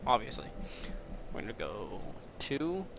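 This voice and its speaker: The recording is very noisy, and the young man's mid-range voice swings widely in pitch while keeping a measured pace. Playing a game, he offers rambling, casual commentary, swearing at it from time to time and snapping into frustrated outbursts.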